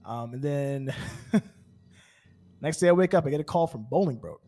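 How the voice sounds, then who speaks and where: A man's voice: mid-range voice, lively intonation, normal speed, dark tone. A man roleplaying on a game server, telling an in-character story in a rambling way, full of fillers and stammered restarts. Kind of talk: in-character story, casual chat.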